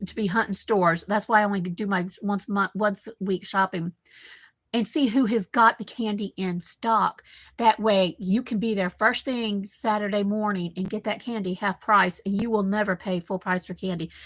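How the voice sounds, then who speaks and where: A woman's voice: mid-range voice, fairly bright tone, dry recording. A woman, rambling casually as she hosts a live stream from her home kitchen and chats with viewers by name. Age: 50s. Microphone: computer microphone.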